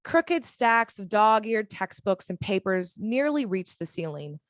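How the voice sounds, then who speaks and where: A woman reading a screenplay's action descriptions as narrator of a fan audio drama, in a dramatic, measured way. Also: medium pitch, big pitch swings, no echo.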